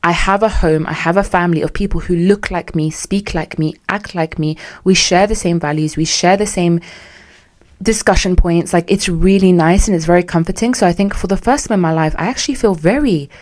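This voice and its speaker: A woman's voice: on the low side, a little fast, a little mellow. A young British woman hosting a solo podcast, candid and chatty with a sarcastic streak. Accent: British English. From United Kingdom. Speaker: podcast host.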